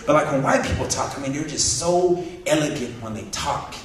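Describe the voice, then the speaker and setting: A man with a mid-range voice performs a stand-up set at a moderate pace, telling stories and acting out the voices of the people in them. He is recorded from far off in an echoey hall with a live audience laughing and slight background noise.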